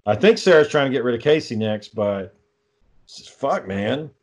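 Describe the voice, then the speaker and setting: A man's voice: medium pitch, animated, moderate pace. Swearing, exasperated young man. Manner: profane, exasperated storytelling. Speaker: storyteller. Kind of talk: casual chat.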